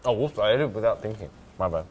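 A man's voice: on the low side, expressive, fast. A young man from Sydney with an Australian accent, chatting easily and giggling as an interview guest. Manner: easygoing, giggly. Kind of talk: casual interview chat.

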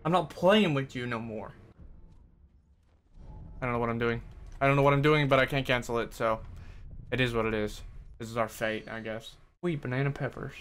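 A man's voice: mid-range voice, moderate pace, long pauses, a bit bright, smooth. A man streaming live gameplay, venting frustration with sarcastic jokes and swearing while he plays. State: sweaty and worked up. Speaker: gaming streamer.

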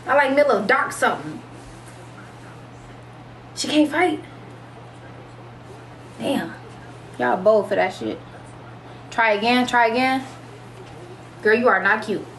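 A woman's voice: on the high side, lively intonation, slow pace, long pauses, fairly bright tone, a little hiss or hum. A woman hosting a casual livestream, talking to viewers in a brash, boastful, profane way. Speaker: livestream host.

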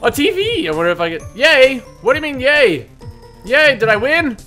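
Excitable gamer guy, bright forceful voice, jokey let's play commentary, faint music behind. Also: extremely high pitch, moderate pace. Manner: excitable, jokey, loud outbursts. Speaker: gaming video host.

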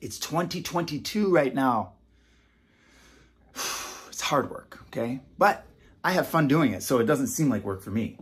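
A man in his fifties hosting a casual talk to camera, animated and teasing, dropping from loud bursts to a hush. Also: medium pitch, unhurried, pauses often, breathy edge. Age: 50s. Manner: animated, swinging between loud and hushed, teasing. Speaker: self-help author and host.

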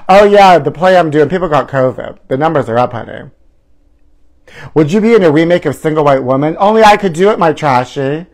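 A man's voice: on the high side, expressive, a little fast, darkish tone. A man hosting a live celebrity gossip stream. He talks in a campy, theatrical way, calls viewers honey and trashy, and swoops up into mock outrage.

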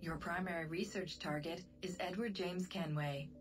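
An actress voicing a calm female computer system that makes formal announcements, heard over loud game music. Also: on the low side, normal speed, close to an everyday voice.

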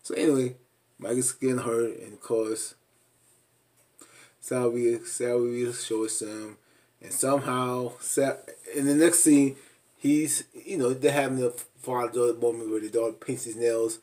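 A man recapping a reality show in a casual vlog, animated and laughing, mimicking people with high squeals. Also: a little slow, far from the mic. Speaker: reality TV reviewer.

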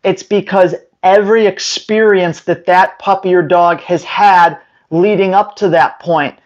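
Slow, emphatic male dog trainer. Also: high-pitched, fairly even intonation, dull audio. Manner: emphatic, acts out owners and dogs in quick voices. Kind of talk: direct-to-camera training advice.

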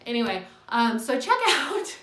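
Exasperated woman ranting, bright tone. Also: a little high, a little slow, roomy sound, slight background noise. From US Midwest. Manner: animated, exasperated, swears and laughs mid-sentence. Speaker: vlogger. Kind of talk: casual storytime rant.

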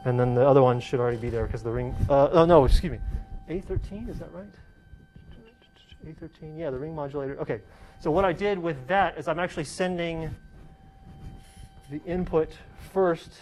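A man's voice: on the high side, a little fast, long pauses, darkish tone, low-quality recording. A male professor giving a casual, hands-on classroom demonstration and checking in with his students with a frequent "okay?". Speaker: college professor.

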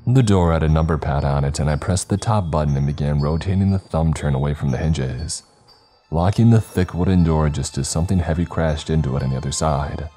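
A man reading a scripted horror story in a slow, measured way. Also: extremely low pitch, dark tone, soft background music.

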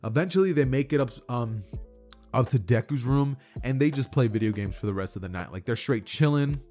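A man's voice: mid-range voice, animated, a little fast, a little mellow, soft background music. A young man narrating a fan story in a rambling, casual way, full of "like" and "you know".

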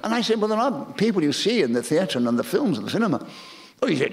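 A man's voice: high voice, big pitch swings, fast talker. An older English man, a guest in a stage conversation, telling anecdotes animatedly and acting out the voices of people in them. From England. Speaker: interviewed guest.

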